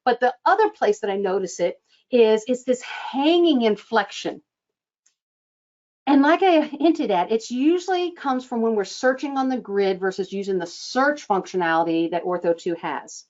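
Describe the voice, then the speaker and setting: A woman coaching front-desk staff on phone scheduling, acting out sample lines with lively changes of tone. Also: mid-range voice, moderate pace, highs cut off. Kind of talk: instructional talk.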